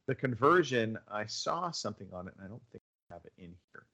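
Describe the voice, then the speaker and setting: A man's voice: on the low side, very animated, quick pace, sharp tone, dry recording. A man hosting a casual gaming podcast, rambling with lots of fillers and restarts. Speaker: podcast host. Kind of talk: casual chat about video games.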